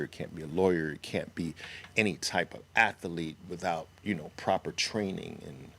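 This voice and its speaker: A middle-aged man giving an emphatic sales pitch for trading education, full of mocking rhetorical questions. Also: gravelly, a bit bright. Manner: mocking rhetorical questions, mimics naive traders.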